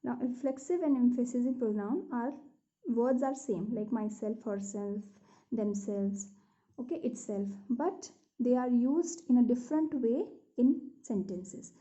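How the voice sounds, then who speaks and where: A woman's voice: fairly high pitch, unhurried, dark tone, muffled recording. A woman teaching a grammar lesson, explaining step by step and often checking in with "okay?", sometimes correcting herself mid-sentence.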